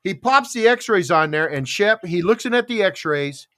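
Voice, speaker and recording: On his internet radio morning show, an older man tells a lengthy personal story in casual chat, voicing the other people in it. He speaks a little slowly in a high, animated voice with a fairly bright tone.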